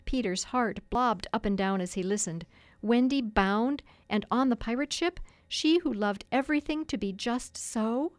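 A woman's voice: fairly high pitch, no echo. Woman reading a classic storybook. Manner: measured, expressive reading. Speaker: narrator. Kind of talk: storybook narration.

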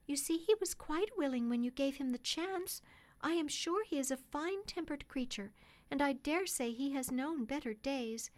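A woman voicing a kind, refined lady who speaks softly and persuasively. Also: high-pitched, lively intonation, moderate pace, voice pushed up. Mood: earnest, persuasive. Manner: soft, persuasive, polite. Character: kind gentle English lady, refined and earnest.

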